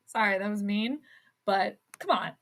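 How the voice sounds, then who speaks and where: A woman hosts a casual livestream covering sports and astrology, giggling and chatting in response to viewer comments and using many fillers. She speaks unhurriedly in a medium-pitched, expressive voice with vocal fry.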